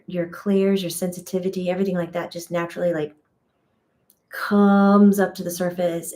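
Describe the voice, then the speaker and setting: Woman medium chatting on a livestream, mellow warm tone, laughs at herself a lot. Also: fairly low pitch. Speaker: intuitive teacher and medium. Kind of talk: casual spiritual teaching on a livestream.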